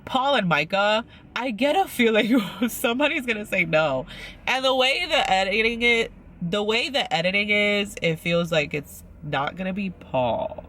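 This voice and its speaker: A man's voice: sits high, expressive, normal speed, bright, forceful tone, a little hiss or hum. A man chatting casually as he recaps a reality show, rambling with lots of "like" and acting out quotes. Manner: chatty and rambling, heavy use of "like", acts out quotes.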